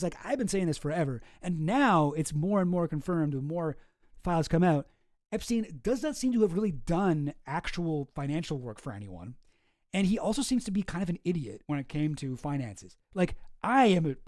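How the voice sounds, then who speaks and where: Sweary rambling guy streaming, kinda high voice, mellow, dry close sound. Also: no echo. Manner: rambling, profane, sarcastic. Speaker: streamer host. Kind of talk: casual commentary stream.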